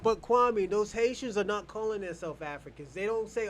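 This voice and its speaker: A man's voice: sits high, expressive, normal speed, hardly any pauses, slight background noise. An American man hosting an online show, arguing bluntly and profanely in a heated live debate. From United States.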